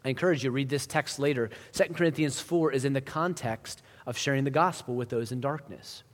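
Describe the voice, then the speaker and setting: A male pastor delivers a sermon in an easy, conversational way. He punches key phrases and then falls to a hush. His mid-range voice rings out with a long reverb through a church hall. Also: mid-range voice, brisk. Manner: conversational preaching with rising emphasis and hushed drops.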